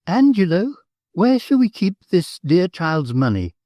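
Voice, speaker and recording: A man's voice: sing-song, unhurried, dark tone, no echo, studio quality. A man voicing a proud, imperious aristocratic countess in an audiobook, speaking in a raised, persuasive voice. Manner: proud, persuasive, high-pitched. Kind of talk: audiobook character voice.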